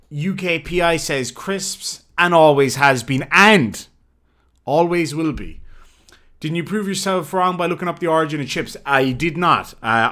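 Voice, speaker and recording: A man hosting a casual livestream and reading viewer messages aloud, playfully combative and quick to swear. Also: on the high side, fairly bright tone. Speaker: livestream host.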